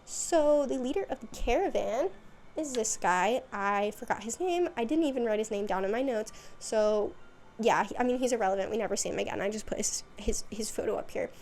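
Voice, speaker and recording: A chatty woman with a fairly high voice talks through a story recap. She throws in sarcastic asides and quick bits of quoted dialogue. A faint hiss sits under the voice. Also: expressive, a little mellow. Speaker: video essay host. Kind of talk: casual recap monologue.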